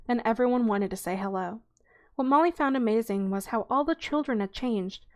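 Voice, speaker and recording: A woman reading a children's novel aloud in a relaxed, unhurried way, with small slips as she goes. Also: fairly high pitch.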